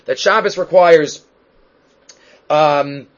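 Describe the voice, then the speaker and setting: Male rabbi giving a Talmud lecture, fairly high voice, emphatic rises and drops, dull lo-fi recording. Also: drawn-out words. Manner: emphatic, rising and dropping sharply for stress. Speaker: rabbi teaching a class.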